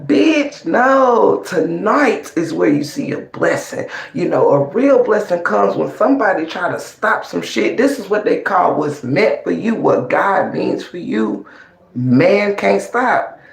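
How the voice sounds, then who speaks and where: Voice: medium pitch, sing-song, a little slow, vocal fry, hardly any pauses. An online commentator in a mocking, profane, taunting rant, gloating at opponents. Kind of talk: ranting livestream commentary. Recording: roomy echo.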